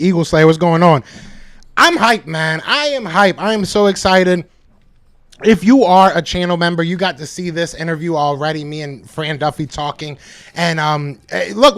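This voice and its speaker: Man, podcast host, fan talk to live chat, hoarse, hyped, high-pitched. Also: a bit bright. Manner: hyped, emphatic, repeats phrases. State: losing his voice, coughing.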